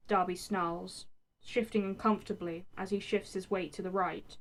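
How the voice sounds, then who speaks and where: A woman reading a fan fiction story aloud, with expressive narration. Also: mid-range voice, normal speed, poor audio. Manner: expressive, swears in the text freely.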